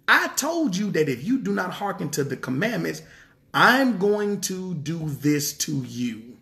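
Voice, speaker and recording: A man's voice: high voice, big pitch swings, unhurried, creaky, pushed and bright. Emphatic preacher man, roomy echo. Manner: emphatic, repetitive, rhetorical questions. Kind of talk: sermon.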